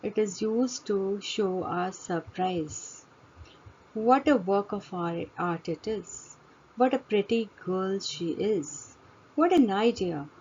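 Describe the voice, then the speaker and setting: A woman teaching a grammar lesson, speaking deliberately and answering her own questions to drive each point home. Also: mid-range voice, expressive, darkish tone, slight background noise. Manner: slow, deliberate, repeats key words as questions and answers. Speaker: English teacher. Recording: dull lo-fi recording.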